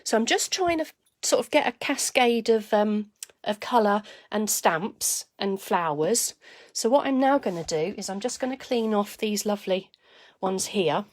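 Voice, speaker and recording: A woman leads a live crafting demonstration, talking her viewers through each step of her stamping. She greets people by name as she works and slips into quiet asides while her hands are busy, with a middle-pitched voice. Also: lively intonation, a little slow. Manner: chatty, greets viewers by name mid-task. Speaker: papercraft demonstrator.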